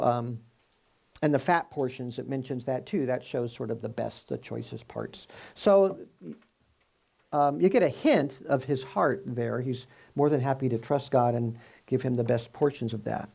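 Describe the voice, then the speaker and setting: A man's voice: mid-range voice, vocal fry, dark tone, husky. A man giving a conversational Bible teaching, explaining scripture verse by verse and asking rhetorical questions.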